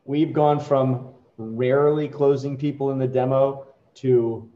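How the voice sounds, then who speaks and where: A middle-aged man, a company chief, chatting casually before a software demo and telling rambling stories that break off and restart. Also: medium pitch, fairly even intonation, measured pace. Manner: rambling, self-interrupting storytelling. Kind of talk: casual chat. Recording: echoey, dull lo-fi room sound.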